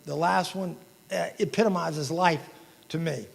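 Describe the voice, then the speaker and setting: A man's voice: a little high, a little slow, creaky. A man giving an emotional, inspirational banquet keynote speech, quoting famous sayings. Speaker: keynote speaker. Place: large banquet hall. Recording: reverberant hall.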